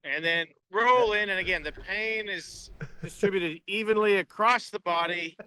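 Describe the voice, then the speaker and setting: A man's voice: sits high, moderate pace, pushed and bright, smooth, poor audio. A man from Australia joining a podcast as a guest, cheerful and joking in casual chat.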